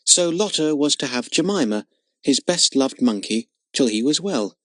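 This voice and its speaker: Male storybook narrator, expressive, mid-pitched, very dry sound. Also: normal speed, dry recording. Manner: expressive, dramatic reading. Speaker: audiobook narrator.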